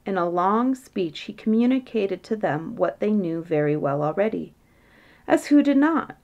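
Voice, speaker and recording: A woman narrating a bedtime fairytale in a measured, gentle manner. Her voice is mid-pitched, and she keeps an even, unhurried storytelling pace. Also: muffled recording.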